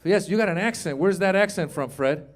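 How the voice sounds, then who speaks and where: A man in his fifties performing stand-up comedy, chatting with the crowd and shouting his punchlines. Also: high-pitched, fairly quick. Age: 50s. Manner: animated, shouts punchlines, acts out voices.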